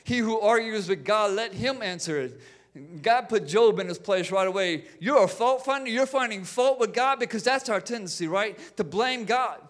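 Man, high voice, preaching a sermon, fervent build-ups, repeats words, calls of amen. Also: lively intonation, moderate pace, fairly bright tone. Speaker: pastor.

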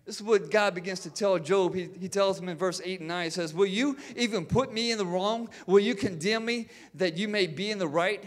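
A pastor preaching a sermon, building in fervor, with repeated words and calls of amen. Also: male voice, sits high, moderate pace, hardly any pauses, a bit bright.

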